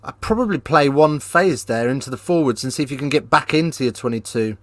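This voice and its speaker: A man hosting a live rugby watchalong, chatting casually with viewers and breaking into excited play-by-play. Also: mid-range voice, fairly quick, no room sound. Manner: casual, banters with live chat, lifts into excited play-by-play on tries. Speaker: watchalong host. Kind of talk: live watchalong commentary and chat.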